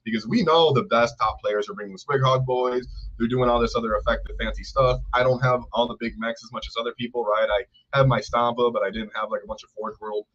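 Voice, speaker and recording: A man's voice: medium pitch, steady tone, quick pace, few pauses. Rambling, upbeat man on a stream. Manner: enthusiastic, rambling, shouts out viewers. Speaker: co-host. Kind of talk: casual live-stream chat. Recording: dull lo-fi stream audio.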